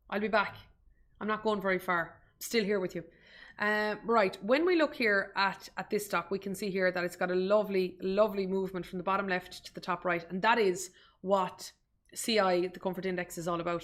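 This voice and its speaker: An Irish woman giving a live stock market webinar, chatty and self-deprecating, breaking off with asides to her viewers. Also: mid-range voice. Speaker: investment webinar presenter. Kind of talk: live screen-share stock tutorial.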